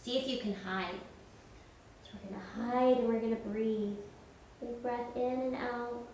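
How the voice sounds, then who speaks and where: A woman leading a yoga lesson for children, giving slow, gentle, sing-song instructions. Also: fairly high pitch, steady tone, a little hiss or hum. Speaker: kids yoga teacher. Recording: echoey room, voice from far off.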